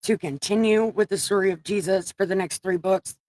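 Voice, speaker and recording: A woman talks to her livestream audience about her Bible reading, candid and a little profane, getting emotional and close to tears. Her voice swings from loud outbursts down to quiet, and the sound is dry and close. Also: medium pitch, a little fast, no room sound. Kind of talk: casual livestream chat.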